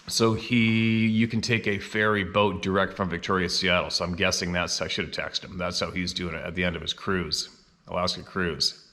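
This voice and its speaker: Blunt, fired-up man with a bright voice. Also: low voice, level tone, normal speed. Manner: blunt, fiery, swearing freely. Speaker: show host. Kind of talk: casual monologue.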